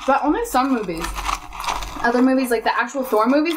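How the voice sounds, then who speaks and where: A woman's voice: medium pitch, fast, a little hiss or hum, rough recording. A woman chatting as a podcast guest, telling stories and acting out the exchanges. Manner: animated storyteller, acts out exchanges. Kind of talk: casual chat.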